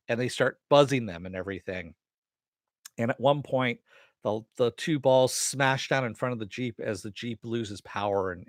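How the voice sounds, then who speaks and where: A man's voice: mid-range voice, no echo, clean studio sound. Casual man recapping a show. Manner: loose storytelling that paraphrases characters' lines; frequent fillers and casual swearing. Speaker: podcast host recapping a TV episode.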